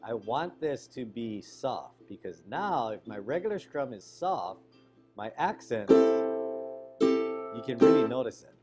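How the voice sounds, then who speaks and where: A man gives an online ukulele lesson over a video call, his voice rising and falling in a lively way as he explains. He talks in a relaxed manner while he demonstrates, with a ukulele playing loud behind him. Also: medium pitch, slow pace, loud music behind the voice. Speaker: ukulele teacher. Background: ukulele strumming.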